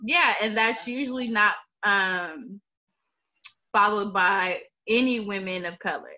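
A thoughtful woman guest in a casual podcast conversation, measured as she works through her points. Her voice is bright, and the audio is muffled and lo-fi. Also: mid-range voice. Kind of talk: casual chat. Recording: dull lo-fi audio.

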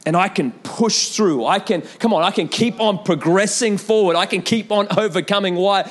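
A young man preaching a sermon in an animated way, with repeated calls to the congregation and storytelling asides. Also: high-pitched, normal speed. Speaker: pastor.

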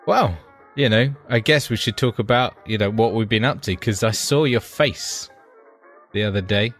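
A man from England co-hosting a casual gaming podcast, teasing in a relaxed, playful way. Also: on the low side, normal speed, soft background music. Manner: playful, laid-back teasing. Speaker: podcast co-host.

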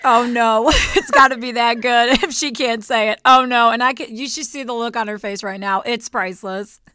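Smooth, bright woman co-host. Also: fairly high pitch, no echo. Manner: playful, quick reactions and asides. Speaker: podcast co-host. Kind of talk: casual faith podcast chat.

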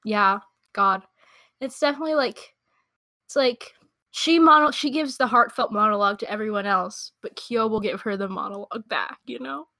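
A young woman co-hosting a casual chat, talking in quick asides and laughing often. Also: medium pitch, sharp tone, no echo. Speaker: podcast co-host. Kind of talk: casual chat about anime.

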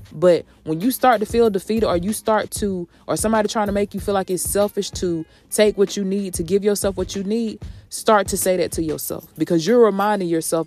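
A woman's voice: medium pitch, a little mellow. A woman hosting a motivational podcast, talking in a sassy, preachy way, calling her listeners sis and honey. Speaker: podcast host.

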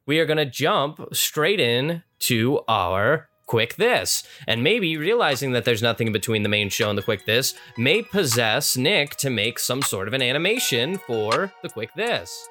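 A male podcast host in casual conversation, steering the segment with a playful tone. His asides lean mock-dramatic and jokey. His pitch sits at an ordinary middle, and faint music plays quietly beneath him. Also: very animated, unhurried, few pauses.

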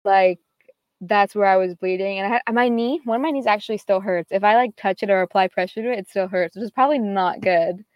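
A teenage girl recounting a story in loose, rambling chat, piling up fillers and acted-out quotes. Her voice sits in an ordinary middle pitch. The sound is dry and close, with almost no room around it. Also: fairly quick, no room sound, highs cut off. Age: teens. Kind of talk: casual chat.

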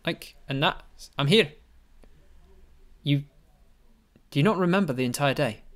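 A man's voice: fairly high pitch, lively intonation, measured pace, a bit bright, pitched above the performer's own voice. A man voicing a confused, panicking adventurer who stammers and fires off questions. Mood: bewildered. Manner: frantic, stammering, repeated questions.

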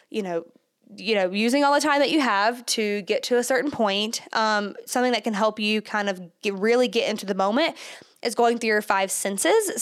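A young adult woman hosting a solo podcast in a casual, chatty way, full of "like" and "you know". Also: mid-range voice. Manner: chatty, filler-heavy with frequent "like" and "you know". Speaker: podcast host.

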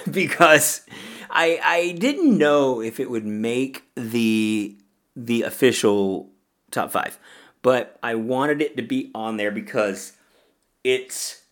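Animated man laughing through a chat. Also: medium pitch. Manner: laughs often while talking. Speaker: podcast host. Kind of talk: casual film review chat.

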